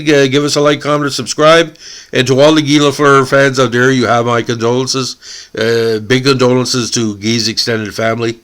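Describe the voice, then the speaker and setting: A man's voice: medium pitch, fairly bright tone. Tearful Canadian man hosting a podcast. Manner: emotional, tearful and halting, with repeated words. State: crying. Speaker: hockey podcast host. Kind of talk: emotional podcast tribute.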